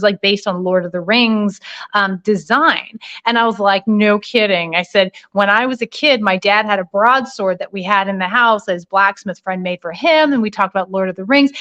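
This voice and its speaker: A woman's voice: medium pitch, lo-fi sound. Affectionate woman giving a live tarot reading. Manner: warm, affectionate, chatty with fillers. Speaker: spiritual reader. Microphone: phone.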